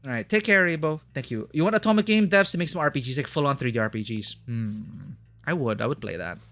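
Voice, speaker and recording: A man's voice: on the high side, expressive, fast, a bit bright, soft background music. A man chatting casually and rambling while he plays a video game live, laughing often as he talks. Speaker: streamer playing a video game. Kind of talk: casual live gameplay commentary.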